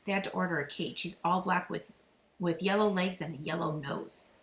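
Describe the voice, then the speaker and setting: A woman voicing an excitable little boy in a storybook reading, with an eager, insistent childish manner. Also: lowish voice, moderate pace, close to an everyday voice. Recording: echoey room, faint noise.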